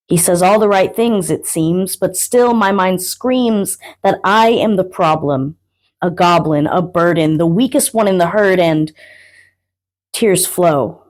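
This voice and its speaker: A woman's voice: on the low side, measured pace, darkish tone. A young adult woman and guest poet, performing a spoken word piece with a rhythmic, rhyming delivery.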